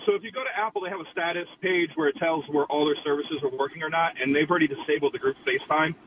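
Male caller, brisk matter-of-fact explanation, phone-line audio with clear noise. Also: a little high. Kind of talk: phone-in comment. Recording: tinny noisy phone line.

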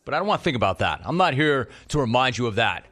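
A man hosting sports talk radio, taking calls with a sarcastic, rapid-fire manner. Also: medium pitch, very animated, fairly bright tone. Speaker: radio show host.

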